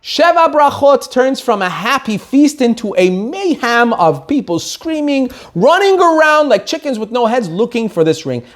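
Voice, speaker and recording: A man, a rabbi, telling a story in an animated sermon. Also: extremely high pitch, normal speed, hardly any pauses.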